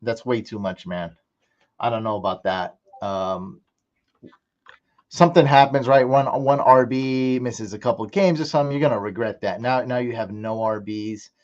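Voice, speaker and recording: A young man chatting casually on a live stream as he drafts, excitable and repeating himself as he reacts. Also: lowish voice, normal speed, highs cut off. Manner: excitable, hypes his picks with loud outbursts, repeats himself.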